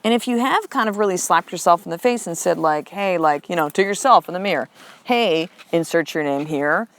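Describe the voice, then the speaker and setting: A woman's voice: lowish voice, quick pace. A woman hosting a solo motivational podcast as a life coach, talking bluntly with swearing and repeated rhetorical questions.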